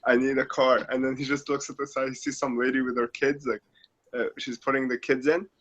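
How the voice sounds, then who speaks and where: A man's voice: mid-range voice, level tone, fairly quick, a bit bright, lo-fi sound. A man in casual chat with fellow collectors, telling a funny story, acting out the quotes and laughing often.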